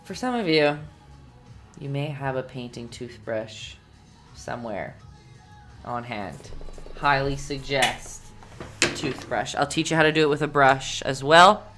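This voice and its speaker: Her voice is a rumbling low, and she speaks unhurriedly with frequent pauses while music plays behind her. She is a painting instructor leading a live-streamed session, encouraging and talkative, humming as she works.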